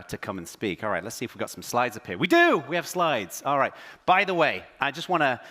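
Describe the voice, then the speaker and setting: A man from England with a half-English, half-American accent, giving a joking, self-deprecating, energetic conference keynote on stage. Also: medium pitch, in a large hall. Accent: English with American influence. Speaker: keynote speaker. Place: large conference hall on stage.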